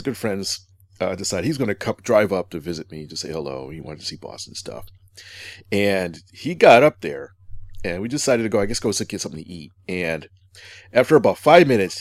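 A man's voice: lowish voice, fairly quick, no room sound, clean studio sound. A man co-hosting a casual podcast, telling stories with frequent laughs. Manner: laughing, storytelling, relaxed. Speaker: podcast co-host. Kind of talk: casual chat.

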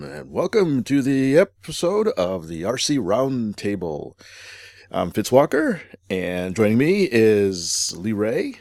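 Lively, playful male podcast host. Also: fairly low pitch, takes it slowly, no echo. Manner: playful, jokey introductions. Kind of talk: casual podcast chat.

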